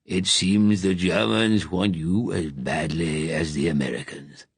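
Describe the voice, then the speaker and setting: A man voicing a weary old resistance leader with a deep growling lisp, speaking slowly and gravely in an audiobook reading. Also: steady tone, no room sound, full character voice. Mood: stern. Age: older. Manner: slow, grave and commanding. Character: aged gruff male wartime resistance leader, weary.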